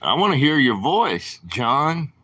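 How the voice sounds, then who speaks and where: A man's voice: fairly high pitch, very animated, takes it slowly, pushed and bright, breathy edge. A man with a southern drawl, rambling casually to viewers on his late-night livestream. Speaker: livestream host.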